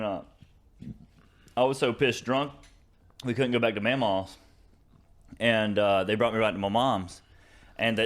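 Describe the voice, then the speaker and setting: A man's voice: on the low side, a bit bright. A young man with a Southern American accent, telling a long rambling story on a casual podcast, full of fillers and restarts. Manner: rambling, many fillers and restarts, laughs through stories. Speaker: podcast co-host.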